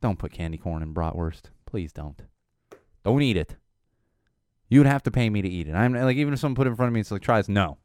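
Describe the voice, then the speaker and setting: Lively, slightly hoarse man chatting. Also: fairly low pitch, fast talker, dry recording, studio quality. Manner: rambling, animated, frequent "uh" fillers. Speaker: podcast host. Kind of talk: casual solo chat.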